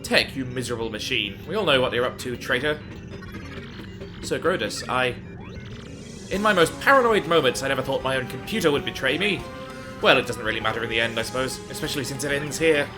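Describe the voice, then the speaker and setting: A man's voice: mid-range voice, lively intonation, brisk, over music, lightly acted. A man voicing a pompous, cruel male villain leader who gloats and barks orders. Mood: gloating. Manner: gloating, commanding, loud.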